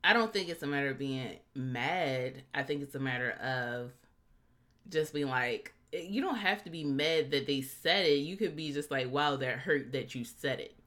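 A woman co-hosting a podcast in casual chat, recapping a TV episode and acting out quotes with big jumps in her voice. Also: normal speed. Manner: animated, acts out quotes with big pitch jumps. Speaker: podcast co-host.

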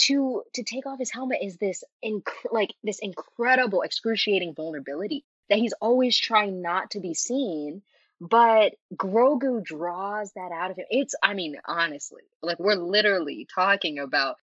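A woman's voice: mid-range voice, moderate pace, husky, no echo. Chatty woman on muffled lo-fi audio. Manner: animated, laughs often, lots of filler words. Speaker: interview guest, fanfiction writer. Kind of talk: casual chat.

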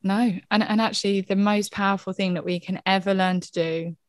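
A woman's voice: medium pitch, fairly even intonation, a little fast, no room sound, clean studio sound. A woman, a therapist and mother, talking candidly and earnestly in a reflective podcast conversation, often saying "you know".

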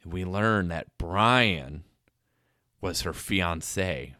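A man's voice: low voice, drawn-out words, no echo, studio quality. A man co-hosting a podcast, casually retelling a TV episode with lots of laughs. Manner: animated storyteller, laughs often. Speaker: podcast co-host.

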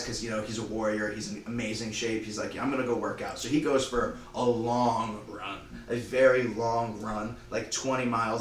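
A man's voice: fairly low pitch, fairly bright tone, echoey room, recorded from a distance, rough recording. Rambling man telling a story. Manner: rambling, acts out lines in quick voices. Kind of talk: casual retelling of a made-up movie plot.

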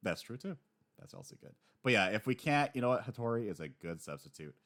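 A man co-hosting a casual chat, animated and quick to laugh, slipping into voices when he retells scenes. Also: fairly low pitch. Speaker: podcast co-host discussing a manga.

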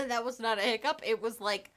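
A woman's voice: on the high side, normal speed, sharp tone, a little hiss or hum. A tipsy woman co-hosting a casual podcast, swearing, giggling and reading listener questions aloud. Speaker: podcast co-host. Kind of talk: casual drunk podcast chat.

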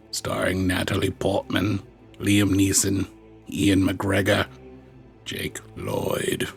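A man's voice: lowish voice, creaky. A man co-hosting a podcast in casual chat, with dry, jokey remarks. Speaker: podcast co-host.

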